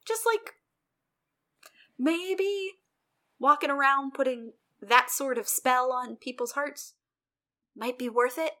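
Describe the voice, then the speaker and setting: A woman's voice: sits high, measured pace. A young woman co-hosting a podcast, casually recapping an episode with sarcastic asides and acted-out quotes. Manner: animated, sarcastic, acts out quotes. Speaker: podcast co-host.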